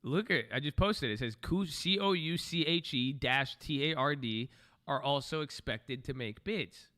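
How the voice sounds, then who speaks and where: A man's voice: fairly high pitch, moderate pace, sharp tone. A man giving loose, joking commentary while streaming live trades, often swearing and thinking aloud. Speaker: live stock-trading streamer.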